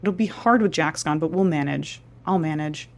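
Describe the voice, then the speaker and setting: Woman reading a stubborn older wife, low-pitched and firm, from a dating game. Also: moderate pace, darkish tone. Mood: defiant. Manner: stubborn, then weary and remorseful. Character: proud older woman caring for her ailing husband.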